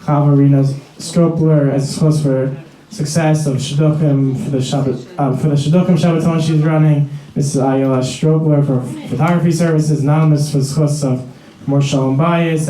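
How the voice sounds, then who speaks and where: A man emceeing an event, making announcements and introducing a speaker, with a halting delivery. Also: fairly high pitch, mellow, reverberant, low-quality recording. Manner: halting, many fillers and restarts.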